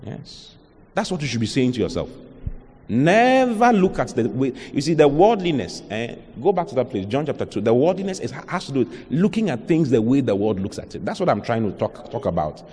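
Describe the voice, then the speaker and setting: A man's voice: mid-range voice, very animated, a little fast, dark tone, slightly rough, in a large hall. A man with a Ghanaian accent, preaching a sermon as a pastor, emphatic and full of rhetorical questions.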